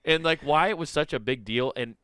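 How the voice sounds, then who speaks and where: A man co-hosting a podcast, telling animated stories in casual chat, swearing freely and laughing through them. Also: a little high, fairly quick, smooth, dry recording. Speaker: podcast co-host.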